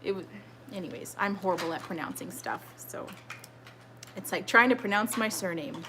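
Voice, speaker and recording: Bright-voiced chatty woman hosting live. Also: lowish voice, moderate pace, a little hiss or hum. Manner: chatty, rambling, reads viewer comments aloud. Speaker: host of a trivia live stream. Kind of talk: casual live-stream chat. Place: home with children nearby.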